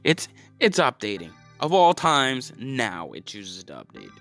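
A man's voice: medium pitch, huge pitch swings, a little slow, gravelly, a bit bright, faint music behind, voice pushed up, full character voice. A man playing a flustered caller who fakes being clueless about his computer, stammering and apologizing as he rambles. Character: flustered clueless man faking computer trouble on a phone call.

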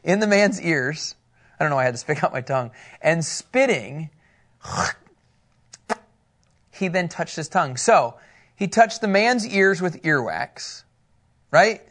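A man teaching scripture to a live group in a casual, playful way, with quick asides and frequent laughter. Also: on the high side, lively intonation, a bit bright. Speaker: pastor teaching a Bible study.

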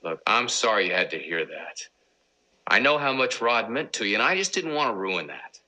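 An actor playing a stern but kind middle-aged school principal in a 1990s sitcom, earnest and direct. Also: male voice, lowish voice, big pitch swings, normal speed, heavily acted, poor audio. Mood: gentle. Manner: scolding, then gentle and earnest.

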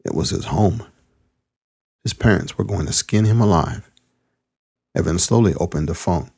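Man, podcast host, low husky voice, relaxed slangy delivery. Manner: laid-back, slangy, filler-heavy when chatting. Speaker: podcast host reading his own story. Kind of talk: audiobook narration and casual chat.

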